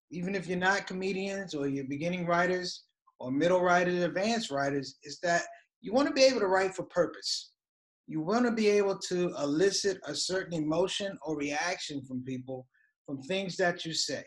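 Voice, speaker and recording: Engaging middle-aged man teaching comedy. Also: fairly high pitch. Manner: conversational, engaging. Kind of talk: workshop talk.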